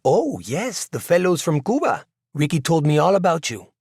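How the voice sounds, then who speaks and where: A man's voice: fairly high pitch, very animated, normal speed, darkish tone, husky, dry recording, studio quality, pitched above the performer's own voice. A man doing a sing-song sitcom housewife. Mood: friendly.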